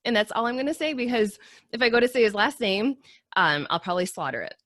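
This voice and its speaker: A woman's voice: fairly high pitch, big pitch swings, fast talker, a bit bright, dry recording, studio quality. A woman hosting an online health summit, chatty and enthusiastic as she introduces and questions her guest. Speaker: summit host.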